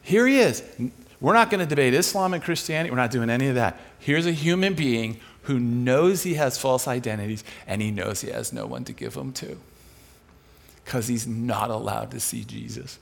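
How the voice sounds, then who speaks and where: A man's voice: medium pitch, very animated, moderate pace, creaky. A man preaching a sermon, telling a story with energy and acting out the people in it. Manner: acts out the people in his stories.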